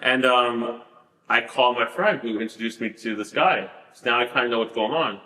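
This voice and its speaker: A man's voice: medium pitch, moderate pace, pushed and bright, echoey room, rough recording. A man telling his story as a podcast guest, rambling with many fillers and laughing at the absurd parts. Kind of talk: storytelling in a casual interview.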